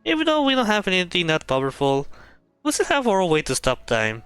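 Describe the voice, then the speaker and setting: A woman with a lowish, fairly bright, clean voice streams a video game, her pitch swooping wildly as she briskly reads the dialogue aloud. She reacts emotionally, laughing and stammering often, with faint music in the background.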